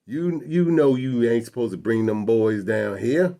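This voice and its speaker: A man's voice: mid-range voice, expressive, a little slow, vocal fry, dark tone, voice pushed up. A man voicing a threatening 1950s policeman, drawling and contemptuous. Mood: menacing. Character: threatening, heavyset 1950s Southern male policeman.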